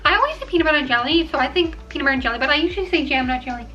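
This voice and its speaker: A young woman chatting casually to camera at home, rambling and filling pauses with ums as she weighs each choice. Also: sits high, lively intonation, bright, forceful tone, highs cut off. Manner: chatty, rambling, filler-heavy. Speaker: vlogger. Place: home room.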